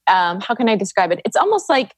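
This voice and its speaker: A woman's voice: medium pitch, big pitch swings, fast. A young woman guest on a podcast, talking earnestly and reflectively about energy work in casual chat. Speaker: podcast guest, Reiki practitioner.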